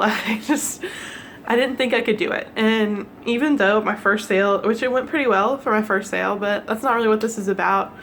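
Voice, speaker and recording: A young woman from the United States, teary and emotional, talking haltingly with nervous laughs in a personal vlog. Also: medium pitch, a bit bright, a little hiss or hum. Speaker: vlogger.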